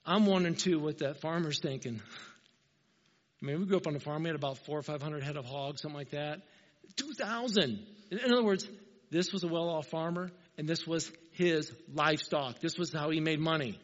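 A man preaching a sermon, telling the story with animated, emphatic asides. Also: a little high, fairly quick. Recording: reverberant hall, dull lo-fi sound.

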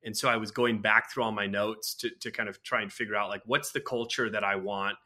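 A man, a guest author and culture consultant, telling anecdotes in an animated, casual interview. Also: on the low side, fairly quick.

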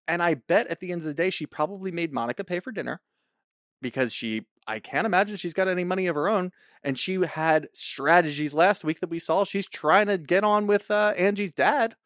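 A man's voice: high voice, brisk, fairly bright tone, no room sound, clean studio sound. A man co-hosting a casual recap podcast, talking bluntly with lots of swearing. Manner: blunt, profane, emphatic. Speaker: podcast co-host.

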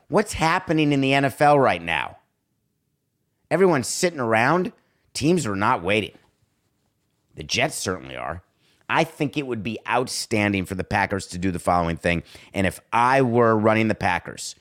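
A man's voice: fairly low pitch, very animated, moderate pace, fairly bright tone. A man hosting a sports talk show, delivering a sarcastic, exasperated monologue.

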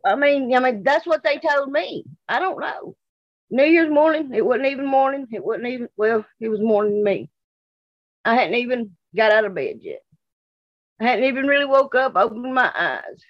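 Southern woman telling it straight, blunt and fired up, higher voice, kinda muffled dry audio. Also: animated, normal speed, no echo. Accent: Southern US, Mississippi. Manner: blunt, indignant, repeats herself. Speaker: mother of a missing woman. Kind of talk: emotional interview testimony.

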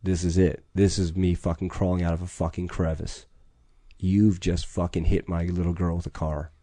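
A man's voice: deep voice, level tone, normal speed, mellow, dry recording. A middle-aged man, telling a story in conversation with intense, profane urgency. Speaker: podcast guest.

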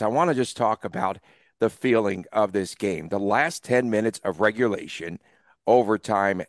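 A man hosting a sports podcast in casual, upbeat chat, talking in quick runs with some fillers. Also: lowish voice, no echo, clean studio sound. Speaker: podcast host.

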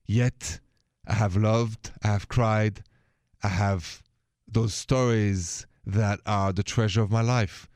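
A middle-aged man with a French accent hosts a call-in radio advice show, talking in a relaxed way and dropping French phrases into his English. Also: on the low side, takes it slowly, dry recording, studio quality. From France.

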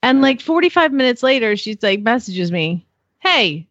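A woman, co-hosting a podcast and telling a story in a casual, animated way, acting out the people she quotes. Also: moderate pace, no room sound, muffled recording. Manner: animated storyteller who acts out quotes in exaggerated high voices. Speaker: podcast co-host.

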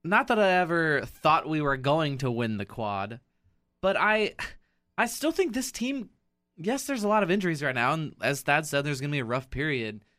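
A man hosting a casual sports podcast, talking in halting bursts with many restarts. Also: a little high, very animated, fairly bright tone. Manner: hesitant, restarts mid-sentence. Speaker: podcast host.

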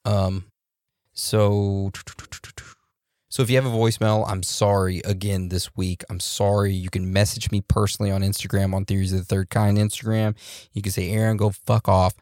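Chill guy podcast host reading reviews, kinda low voice, dry close mic. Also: little pitch movement, normal speed, a little mellow, no echo. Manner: laid-back, laughs and jokes, loose fillers. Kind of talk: casual chat, reading listener reviews.

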